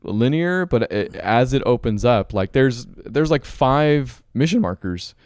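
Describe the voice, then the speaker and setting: A man's voice: mid-range voice, lively intonation, a little slow, darkish tone, dry recording, studio quality. A man co-hosting a podcast, chatting casually and wryly about video games. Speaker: podcast co-host.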